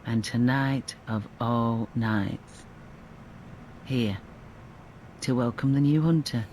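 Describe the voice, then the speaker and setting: An actor playing a solemn male hunter guide in a dark video game, speaking slowly and quietly. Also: mid-range voice, a little hiss or hum, natural voice. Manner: slow, solemn and hushed.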